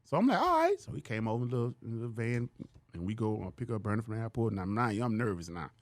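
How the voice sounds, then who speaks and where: Fast-paced and on the low side, this Louisiana comic spins casual, slang-heavy podcast stories, voicing the characters he quotes with animated energy. The recording is dry.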